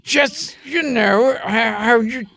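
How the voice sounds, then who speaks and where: A man's voice: very high voice, slow, gravelly, bright, forceful tone, exaggerated voice. A man playing a nervous young gangster who stammers and hesitates, repeating his words.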